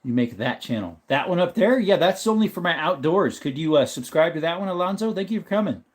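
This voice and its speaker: A man's voice: a little high, animated, brisk. A man hosting a casual livestream, reading out viewers' chat and talking to his dog in between. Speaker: livestream host.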